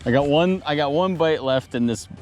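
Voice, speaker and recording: A man's voice: on the high side, moderate pace, darkish tone, slight background noise. A man fishing from a kayak, talking casually and enthusiastically about the fish. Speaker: angler filming a fishing video. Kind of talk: excited outdoor fishing chatter. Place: on a kayak on a lake outdoors.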